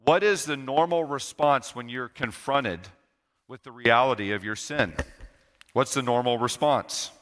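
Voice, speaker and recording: Emphatic preacher, bright voice in a hall. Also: male voice, a little slow. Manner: emphatic, repeats key phrases, swings between loud and low. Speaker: pastor. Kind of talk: sermon. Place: church sanctuary. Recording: long church hall reverb.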